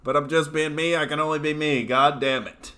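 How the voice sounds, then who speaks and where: Okie guy hosting his stream, bright slightly high voice, sarcastic, swears a lot. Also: steady tone, fairly quick. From Oklahoma. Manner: sarcastic, self-mocking, swearing freely. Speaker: comedian and show host. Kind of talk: casual livestream commentary. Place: home studio apartment.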